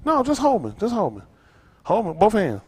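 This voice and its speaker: Preaching with a high-set voice and a breathy edge, a man moves along at normal speed. He livens up the sermon with personal anecdotes delivered in loose, ordinary talk.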